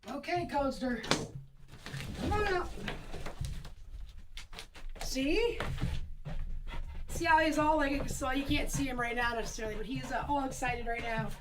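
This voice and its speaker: A woman's voice: high voice, unhurried, long pauses, far from the mic, background noise. A woman livestreaming from home on a phone camera, counting out her workout reps and cooing to her dogs. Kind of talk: casual livestream chat.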